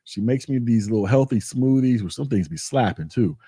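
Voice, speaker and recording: Laid-back man with a warm voice. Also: mid-range voice, moderate pace, slightly rough, no room sound, clean studio sound. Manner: animated storytelling, colloquial, repeats himself. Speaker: tech channel host. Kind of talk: casual vlog chat.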